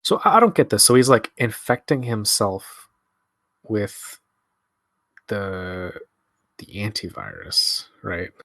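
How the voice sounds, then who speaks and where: Young man, low-ish voice, casual film commentary, swears a lot, dry close sound. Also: expressive, takes it slowly, gravelly, long pauses, fairly bright tone, no room sound. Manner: laid-back, musing, frequent swearing.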